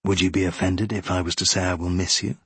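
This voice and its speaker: A man voicing a gallant naval captain in a period story, measured and restrained. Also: deep voice, flat delivery, slightly rough, dry recording, pitched below the performer's own voice. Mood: gentle.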